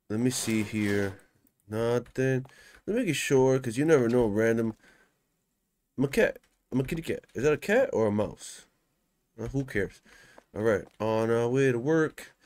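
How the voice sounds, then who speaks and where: A man's voice: medium pitch, a little slow, pauses often, a little mellow. A man casually commenting while playing a game, joking and reading dialogue aloud in a playful, slangy way. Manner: playful, jokey, sing-song asides and slang. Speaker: gameplay streamer.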